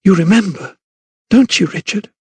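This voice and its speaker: Storybook voice of a young noblewoman and mother, pitched well up and trembling with feeling, as a male narrator puts her on. The delivery is dry and close. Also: animated, fairly quick, breathy edge, no echo. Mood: emotional. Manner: raised, trembling, emotional.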